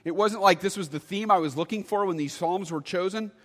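A man, preaching a sermon and telling a story with sudden loud bursts. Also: high voice, a little fast, big-room sound. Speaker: pastor.

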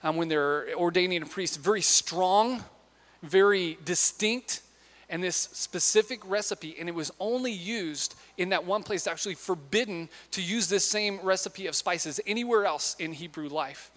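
High-voiced male preacher in an echoey hall. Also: moderate pace, a bit bright. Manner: conversational storytelling preacher, asks the audience questions. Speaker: pastor. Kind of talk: sermon. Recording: long hall reverb.

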